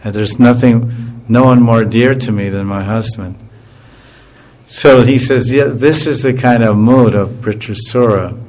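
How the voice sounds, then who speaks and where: A man giving an informal scripture class in a relaxed way, with chuckles and frequent fillers and restarts. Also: mid-range voice, a little slow.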